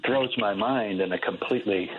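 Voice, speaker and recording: A man's voice: on the low side, moderate pace, phone-quality sound. A male regular radio contributor calling in, chatting in a rambling, hesitant way with many fillers. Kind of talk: casual call-in chat.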